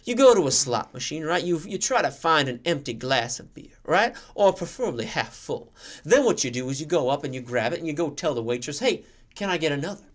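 A young man voicing a sleazy old male driver with a slight drawl, in a hushed, insinuating way. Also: a little high, big pitch swings, a little fast.

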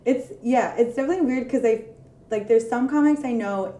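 A woman's voice: on the high side, fairly quick, warm tone. Easygoing woman in an echoey room. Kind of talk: casual podcast chat.

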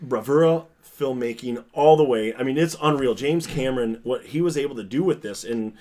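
A man's voice: mid-range voice, warm tone. A man co-hosting a casual podcast chat, enthusiastic and jokey as he raves about a movie. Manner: enthusiastic, jokey, quick to laugh. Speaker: podcast co-host.

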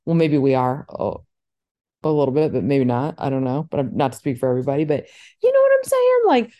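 A woman co-hosting a casual book podcast, rambling and animated with lots of fillers. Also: a bass voice, fairly quick. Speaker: podcast co-host. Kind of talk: casual book club chat.

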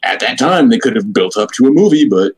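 A man's voice: mid-range voice, sing-song, brisk, breathy edge. A man co-hosting a casual pop-culture podcast, talking hesitantly with many fillers. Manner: hesitant, filler-heavy, easily amused. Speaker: podcast co-host.

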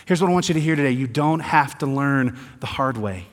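A man from the American South, preaching a sermon that swings between quiet emphasis and rising intensity, with sarcastic asides. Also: medium pitch, lively intonation, fairly quick. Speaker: pastor. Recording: long hall reverb.

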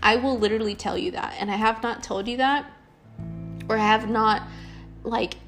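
A woman's voice: a little high, fairly even intonation, normal speed, a bit bright. Young woman rambling on her podcast, earnest, lots of ums, faint music behind. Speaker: podcast host. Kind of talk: casual solo podcast talk.

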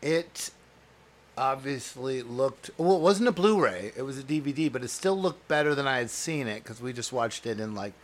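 A man's voice: medium pitch, animated, moderate pace. A middle-aged man co-hosting a casual movie review chat, rambling and nostalgic, often laughing. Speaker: podcast co-host.

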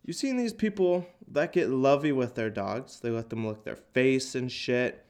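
A man's voice: mid-range voice, unhurried, darkish tone, clean tone. A man with a stuffy, nasal cold hosting a podcast and doing a crude, sarcastic stand-up bit from an echoey open office. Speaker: podcast host and stand-up comic.

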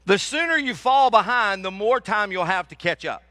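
Lively, animated male preacher. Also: high voice, normal speed. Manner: animated, joking, repeats lines for emphasis. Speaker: pastor. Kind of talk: sermon.

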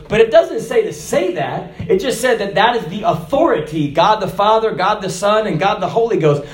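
A man preaching a sermon, moving from loud, emphatic lines to soft, low asides. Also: animated, brisk, hardly any pauses. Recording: echoey hall.

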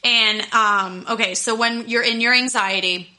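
A woman's voice: fairly high pitch, fairly even intonation, unhurried, bright, forceful tone. A young adult woman life coach talking casually to her listeners, candid and fired-up, swearing freely as she gives advice. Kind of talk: casual solo talk to listeners.

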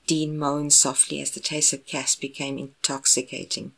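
A woman narrating romance fan fiction in an even, unhurried reading voice. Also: sits low, gravelly, slightly rough. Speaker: audiobook narrator.

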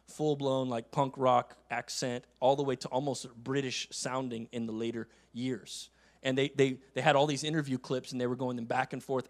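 A male pastor delivering a sermon, emphatic, repeating phrases and swinging between loud passages and quiet asides. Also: medium pitch. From United States.

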